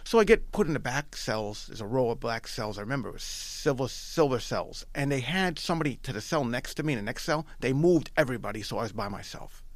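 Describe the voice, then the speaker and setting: A man from Long Island telling his story in a casual, animated way, repeating phrases and often restarting. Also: medium pitch, fast talker, few pauses, no room sound. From Long Island, New York.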